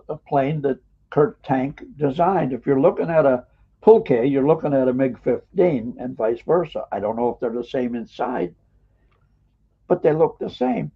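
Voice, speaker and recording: A man's voice: mid-range voice, breathy edge. An older man, an author and historian, telling rambling, emphatic anecdotes as an interview guest, with frequent uhs and mild cursing. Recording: tinny phone-like call audio.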